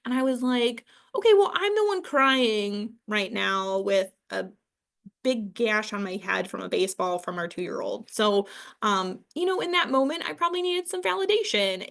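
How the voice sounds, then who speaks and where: A woman's voice: medium pitch, creaky. A young woman giving a casual training talk on behavior support, chatty and loose, with many ums and likes.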